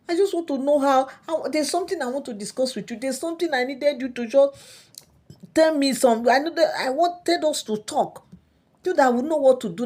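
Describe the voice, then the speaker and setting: A woman's voice: high-pitched, darkish tone, pitched above the performer's own voice. A Nigerian woman voicing an anxious, pleading young queen who talks to her husband in an earnest, urgent way.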